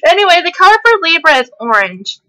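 Her very high, very animated voice moves at a quick pace with a sharp edge, captured on a low-quality recording. She's a gameplay host chatting casually and hyperly as she plays, laughing a lot and occasionally drifting into a country twang.

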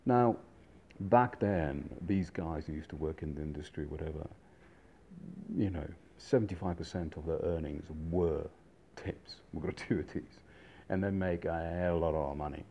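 A man's voice: a bass voice, normal speed, dark tone, dull audio, a little hiss or hum. A middle-aged man casually telling a rambling anecdote with many fillers and restarts. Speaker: storyteller, restaurant industry veteran.

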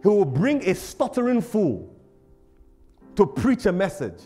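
A man preaching a sermon as a pastor, animated and humorous, laughing often and acting out little voices. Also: high voice, measured pace, soft background music. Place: church service.

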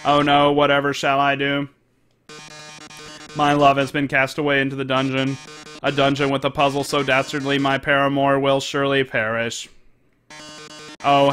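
A man's voice: medium pitch, completely flat delivery, moderate pace, a bit bright, soft background music, close to an everyday voice. A man voicing a flamboyant, dramatic male robot TV star in a video game, drawing out "darling" with theatrical flair. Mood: gloating.

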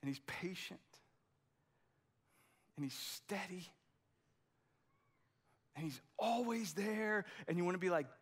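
A man's voice: sits high, lively intonation, slow pace, pauses often, slightly rough. A man preaching a sermon in a conversational, emphatic way, often restarting his sentences. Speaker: pastor.

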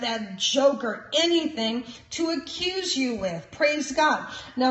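A woman with a high, bright-toned voice preaches with emphatic conviction. Her teaching is peppered with praises and little chuckles. The recording carries a noticeable roomy echo. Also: muffled recording. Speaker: prophet and minister. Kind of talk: sermon-style teaching.

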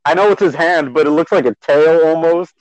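A man's voice: fairly high pitch, fairly quick, no echo. Easygoing young man on a lo-fi podcast. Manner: relaxed, filler-heavy recap with quoted reactions. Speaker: podcast co-host. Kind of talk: casual chat. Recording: dry, dull lo-fi podcast audio.

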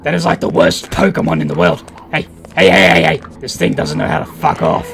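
A man's voice: fairly high pitch, wildly swooping pitch, fairly quick, vocal fry, faint music behind. A man doing profane, joking let's play commentary while playing a horror game. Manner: crude, loud, profane joking. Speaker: gaming channel host.

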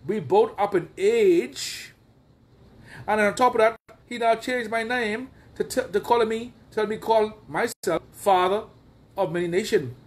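A man's voice: high-pitched, a little slow. A man preaching a sermon as a prophet, emphatic and repetitive, asking his listeners rhetorical questions.

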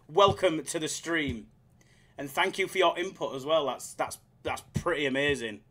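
A man's voice: a little high, sharp tone. A man with a Yorkshire accent hosting a live slots stream, chatting and joking casually with viewers. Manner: chatty, jokey, laughs often.

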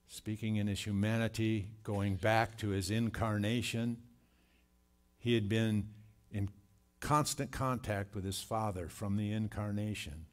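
A man preaching a sermon in a church, reading scripture and commenting with slow, earnest emphasis. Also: on the low side, fairly even intonation. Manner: slow, earnest delivery with scripture read aloud and dramatic quoted cries. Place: church sanctuary.

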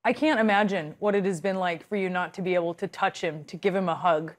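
A woman's voice: fairly low pitch, fast talker. A woman anchoring a live news interview, asking empathetic, probing questions.

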